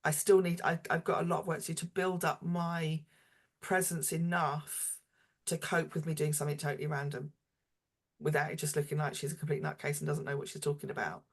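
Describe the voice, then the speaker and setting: Hesitant thoughtful woman, lowish voice. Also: flat delivery, brisk. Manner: thoughtful, hesitant, many fillers. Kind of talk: casual online panel chat.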